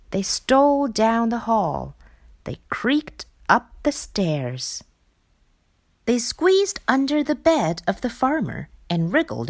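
A woman reading a children's picture book aloud in an expressive, sing-song storytelling manner. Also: a little high. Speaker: storybook reader.

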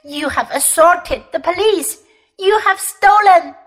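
A woman voicing a pompous, indignant old gentleman ranting about his grievances. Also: extremely high pitch, takes it slowly, pitched above the performer's own voice, heavily acted, rough recording.

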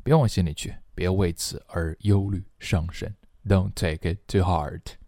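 A man teaching English phrases in a slow bilingual drill. He repeats each phrase and explains it in Chinese, acting out its feeling. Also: low-pitched, warm tone, no echo, studio quality.

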